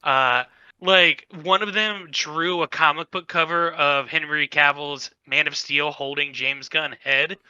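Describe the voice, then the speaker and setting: A man ranting in an animated, exasperated way during a casual podcast chat. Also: fairly high pitch, measured pace, clear, resonant tone, no room sound, lo-fi sound.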